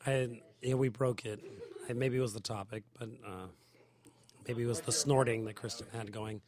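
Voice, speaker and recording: A man hosting a casual group podcast around a table, his voice rough from being sick, rambling with many ums. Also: medium pitch, steady tone, normal speed, a crowd in the background. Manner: rambling, self-deprecating, many filler ums. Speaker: podcast host.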